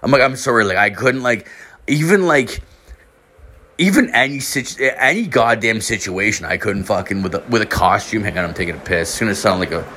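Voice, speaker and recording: A man's voice: lowish voice, expressive, a little fast, sharp tone, a little hiss or hum. A young man hosting a podcast who tells a story in a loose, rambling way, swearing often, piling on filler words and acting out other people's lines in a raised voice. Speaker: podcast host. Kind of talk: casual storytelling monologue.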